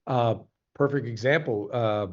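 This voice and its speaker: Male voice actor, guest in a casual interview; animated, halting delivery; mid-pitched voice; muffled lo-fi sound. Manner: animated, halting, jumps to quick voice demos.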